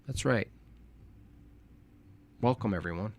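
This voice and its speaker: A man's voice: fairly low pitch, slow. A young man talking casually on a live stream, rambling and correcting himself, with informal slang.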